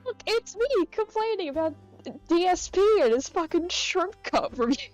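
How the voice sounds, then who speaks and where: A woman's voice: very high voice, animated, moderate pace, a little mellow, soft background music. A woman chatting casually as a stream guest, blunt and swearing, laughing often.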